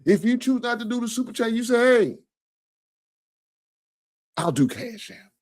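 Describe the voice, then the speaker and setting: A man's voice: very high-pitched, animated, a little slow, darkish tone. A man hosting a casual sports talk livestream, joking, swearing freely and thanking viewers for donations. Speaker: sports talk show host.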